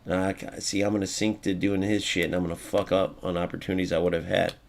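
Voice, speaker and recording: A man's voice: low voice, fast, creaky. A man streaming a football video game, commenting live, swearing freely and talking to his viewers. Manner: excitable, swears freely, talks to chat. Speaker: gaming streamer.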